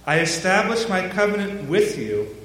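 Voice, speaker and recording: A man with a high, lively voice reads a scripture lesson with formal deliberateness. He stands well back from the microphone, and the church around him rings with heavy echo. A long reverb trails each phrase. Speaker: scripture reader. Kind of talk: liturgical scripture reading. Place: church sanctuary. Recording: distant voice in a very echoey church.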